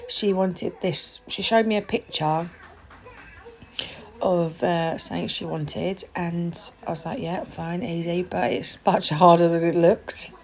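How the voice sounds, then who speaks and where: A woman's voice: lowish voice, fairly even intonation, slow pace. A young woman casually talking through her nail work in a tutorial vlog, chatty and full of little asides and fillers. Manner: chatty, lots of fillers and self-deprecating asides. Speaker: nail tech vlogger.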